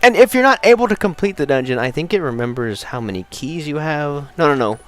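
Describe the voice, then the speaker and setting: A young man casually commenting while he plays a video game, excitable and rambling, with game music behind him. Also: a little high, fairly quick. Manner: excitable, chatty, rambling with restarts. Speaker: let's play host.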